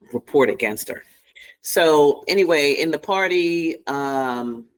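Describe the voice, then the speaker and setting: A man as an interview guest, recounting events in the first person with a halting, searching delivery that slips into present tense. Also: mid-range voice, fairly bright tone, poor audio. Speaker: interview guest, former staffer.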